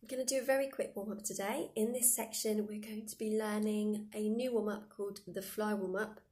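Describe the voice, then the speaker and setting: A woman music teacher leading children through a silly vocal warm-up, demonstrating buzzing, lip rolls and odd noises as she explains each step. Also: medium pitch, fairly even intonation, a little fast. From England. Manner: playful, demonstrates silly noises and sound effects.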